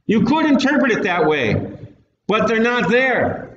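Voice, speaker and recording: Very animated yet measured in pace, this man's high, fairly bright voice carries a folksy, plain-spoken, emphatic Bible-teaching sermon to a live church hall audience. The recording is echoey and dull from a distant mic, with slight background noise.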